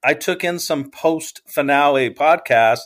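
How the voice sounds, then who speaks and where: A man's voice: fairly high pitch, a little slow, fairly bright tone. Rambling, hesitant man podcast co-host. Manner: rambling, hesitant, full of ums. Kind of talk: casual chat recap.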